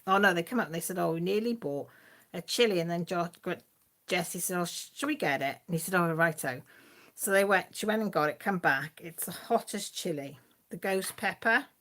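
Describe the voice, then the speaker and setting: A middle-aged woman chats casually on a live stream. She rambles through family stories, full of fillers, laughs and playful voices for her relatives. Her voice sits a little on the low side. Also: a little fast, a bit bright. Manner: rambling, chatty storytelling with frequent fillers. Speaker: channel host.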